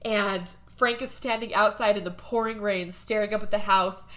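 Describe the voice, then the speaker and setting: Giggly, bright-voiced young woman. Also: mid-range voice, moderate pace. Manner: giggly, animated storyteller. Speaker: podcast co-host. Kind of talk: casual movie recap.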